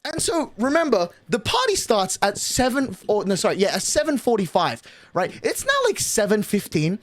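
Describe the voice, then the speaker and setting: A young man streamer telling a story in casual chat, animated and swearing a lot, from his bedroom at night. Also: high voice, normal speed, no echo. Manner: animated, swearing, excitable rant.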